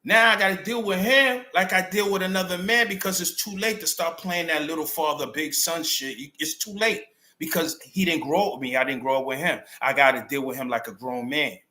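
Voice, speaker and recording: A man's voice: fairly high pitch, fairly quick, bright, forceful tone. A middle-aged man with a New York accent giving an emphatic, unscripted commentary monologue full of street slang. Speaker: channel host.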